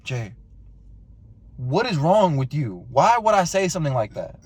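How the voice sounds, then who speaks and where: A man's voice: fairly high pitch, big pitch swings, measured pace. A man in his twenties co-hosting a casual podcast, exasperated and swearing a lot, often repeating himself. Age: 20s. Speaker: podcast co-host. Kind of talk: casual chat.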